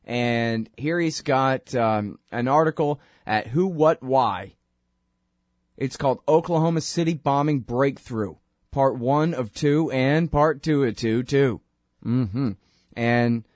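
A man's voice: mid-range voice, a little mellow, no echo. Male talk host, sarcastic and rambling; dry, close sound. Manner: rambling and sarcastic, many fillers. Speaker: radio show host. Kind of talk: casual political talk monologue.

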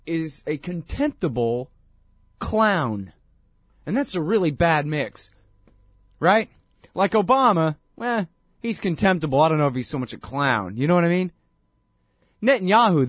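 A man's voice: medium pitch, no echo, clean studio sound. A man hosting a talk show, delivering a sarcastic, opinionated political monologue that builds to indignant outbursts.

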